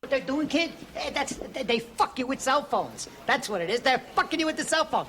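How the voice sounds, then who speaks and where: An actor playing a pushy, fast-talking petty crook who rants in a confiding way, from a film. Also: male voice, extremely high pitch, big pitch swings, bright, forceful tone, slight background noise, heavily acted. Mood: ranting.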